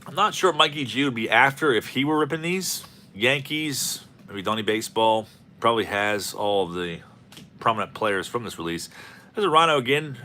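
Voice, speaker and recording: A man's voice: mid-range voice, lively intonation, moderate pace, sharp tone, slight background noise. A man hosting a card-opening video, rambling and joking as he calls out player names. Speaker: host of a card-opening channel. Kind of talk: casual commentary while opening packs.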